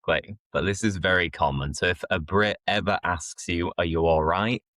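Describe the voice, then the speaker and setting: A British man hosting a casual chat, playful and animated, acting out everyday greetings. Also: moderate pace, no room sound, studio quality. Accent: British English. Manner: lively, playful, acts out greetings in high voices. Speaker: host.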